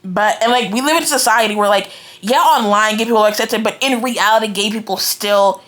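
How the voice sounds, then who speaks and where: A woman's voice: mid-range voice, a little fast. Exasperated young woman ranting about a book. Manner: exasperated, animated, lots of "like" and "right?". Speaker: book reviewer. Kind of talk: casual reading-reaction rant.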